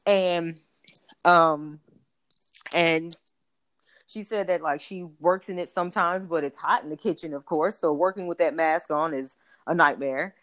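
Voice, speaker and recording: A woman's voice: measured pace, long pauses. A woman in casual chat, expressively retelling a conversation and lifting her voice when she quotes others. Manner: expressive retelling, rises in pitch quoting others.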